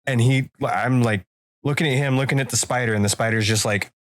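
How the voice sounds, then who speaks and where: Speaking fast in a mid-range voice, a man co-hosting a podcast casually tells a story, animatedly performing its voices. The recording is dry and studio quality.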